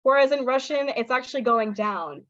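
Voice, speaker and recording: An American woman, a young adult, giving an online talk to English teachers, lively and acting out intonation patterns as she explains them. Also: normal speed, no room sound, dull audio. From United States. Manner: lively, demonstrates intonation with exaggerated pitch.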